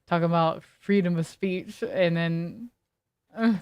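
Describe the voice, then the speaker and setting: A young woman streamer chats over her game, telling stories that wander and restart, full of "like" and "um." Her voice sits a little low and comes across smooth and clean. The sound is dry and close, with no room around it. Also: measured pace, a little mellow, no room sound. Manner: rambling storytelling with many fillers. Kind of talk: casual chat while gaming.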